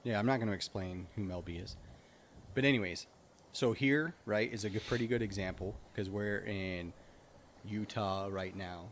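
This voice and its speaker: A man's voice: lowish voice, normal speed, a little hiss or hum. A man co-hosting a podcast, arguing his point emphatically in casual chat. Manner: argumentative, emphatic. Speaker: podcast co-host.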